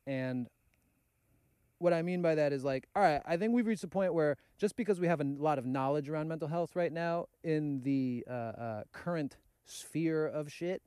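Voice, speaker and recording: Mellow, thoughtful East Coast young man. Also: a little high, moderate pace, clear, resonant tone, no echo, studio quality. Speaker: podcast co-host. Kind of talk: casual chat.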